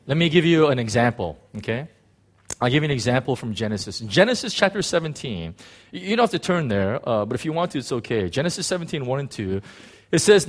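A man preaching a sermon in an animated way, acting out biblical figures, with frequent restarts. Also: a little high. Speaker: pastor.

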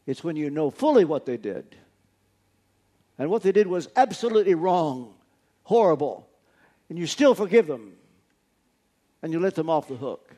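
A man's voice: fairly high pitch, sing-song, normal speed, pauses often, dark tone. A man preaching a sermon, telling a personal story earnestly and stressing key words through repetition. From United States.

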